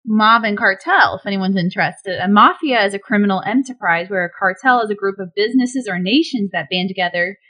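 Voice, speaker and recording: A woman's voice: mid-range voice, fairly quick, hardly any pauses, sharp tone. A woman co-hosting a podcast in casual chat, curious and asking questions. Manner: curious, asks questions, reads aloud. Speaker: podcast co-host.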